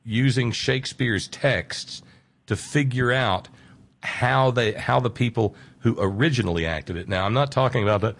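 A man's voice: mid-range voice, creaky, a bit bright. A man in a casual radio conversation, explaining in long stretches and drawing out words he wants to stress. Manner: explanatory, drawn-out emphasis on key words.

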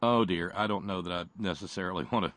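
A man hosting a casual call-in talk show, speaking haltingly with many restarts and pauses. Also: sits low, fairly bright tone. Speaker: radio talk host.

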